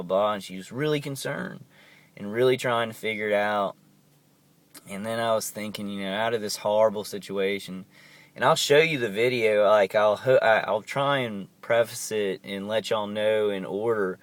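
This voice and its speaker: Agitated young man rambling to camera. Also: fairly low pitch. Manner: agitated, rambling, repeats himself. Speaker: vlogger. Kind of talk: casual monologue to camera. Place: inside his house.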